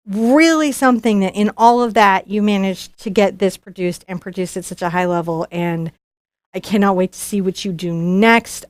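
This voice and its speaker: A woman's voice: medium pitch, clear, resonant tone, no room sound, clean studio sound. A woman artist hosting a live unboxing stream, chatty and bubbly, often restarting her sentences. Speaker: professional artist and channel host.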